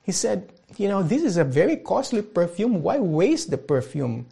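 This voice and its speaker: A man preaching a sermon, reading scripture aloud and repeating key phrases for emphasis, sometimes dropping to a hush. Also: high voice, sing-song, normal speed, creaky, slightly rough.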